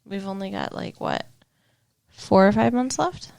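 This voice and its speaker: A woman co-hosting a comedic podcast, teasing her fiancé and reacting quickly to the news he reads. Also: medium pitch, animated, vocal fry, a little mellow. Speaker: podcast co-host.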